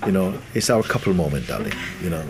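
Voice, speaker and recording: A man's voice: low-pitched, big pitch swings, fast talker. A man giving a spiritual talk to an audience, laughing often and acting out the voices of the people he quotes. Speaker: spiritual teacher.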